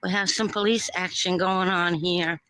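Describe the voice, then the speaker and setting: A man recording police as a citizen, talking in a flat, dry, confrontational way. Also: high-pitched, moderate pace, clear, resonant tone, dry recording.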